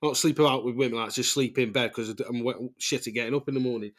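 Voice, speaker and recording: A man's voice: mid-range voice, steady tone, quick pace, a bit bright, lightly acted. An English man mimicking his older mother nagging him, exasperated and scolding.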